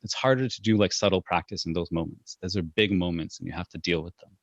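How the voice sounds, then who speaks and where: Male parenting coach, low voice, earnest storyteller; dry, muffled audio. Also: fast talker, no room sound. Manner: earnest, animated storytelling with acted-out inner voice. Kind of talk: conversational interview. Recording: dull lo-fi dry sound.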